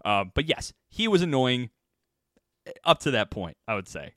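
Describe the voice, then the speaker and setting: A man in a casual podcast chat who talks in a relaxed, laid-back way. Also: medium pitch, normal speed, no echo, clean studio sound. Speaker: podcast co-host. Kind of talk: casual chat about anime.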